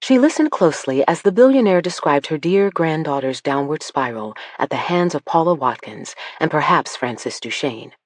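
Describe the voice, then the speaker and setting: A woman narrating an audiobook thriller in a measured storytelling voice, close to the mic. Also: low-pitched, lively intonation, no room sound. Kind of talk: scripted narration.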